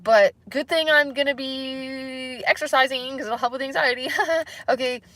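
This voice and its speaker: Young woman, anxious livestream host; halting, self-searching ramble, full of fillers. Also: sits high, fairly even intonation, a bit bright. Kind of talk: candid solo livestream chat.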